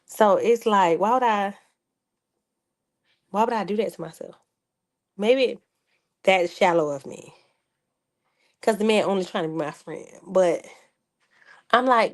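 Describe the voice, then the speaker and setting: A woman's voice: medium pitch, a little slow, pauses often. A young adult woman chatting casually to her viewers as a vlogger, sarcastic and talkative, calling them y'all.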